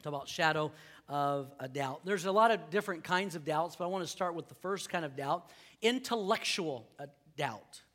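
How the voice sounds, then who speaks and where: Bright high-voiced preacher, casual and emphatic. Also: male voice, animated, normal speed. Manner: conversational and joking, rising to emphatic preaching. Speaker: pastor. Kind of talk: sermon.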